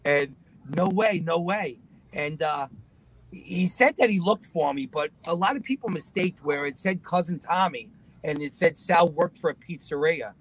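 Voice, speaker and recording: A lively man tells his story as a guest, and his voice sits a bit high for a man. He jumps into other people's voices as he goes, keeping the telling loose and casual. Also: normal speed, husky, low-quality recording. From Long Island, New York.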